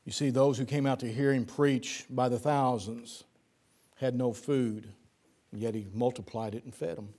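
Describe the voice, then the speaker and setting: A man's voice: mid-range voice, steady tone, normal speed, warm tone. A man preaching a sermon, telling a folksy story and then building to fervent emphasis.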